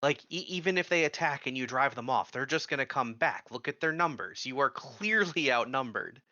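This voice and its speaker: Brief: forceful male player arguing, muffled lo-fi sound. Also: mid-range voice, lively intonation, normal speed. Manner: persuasive, arguing. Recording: dull lo-fi mic.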